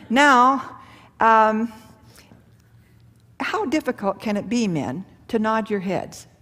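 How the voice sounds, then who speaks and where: Lively woman teaching a seminar in a hall. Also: medium pitch. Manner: folksy, animated, with rhetorical questions and acted-out quotes. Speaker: marriage and communication speaker. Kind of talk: seminar talk to a live audience. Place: large hall or church with an audience. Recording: live hall with long reverb.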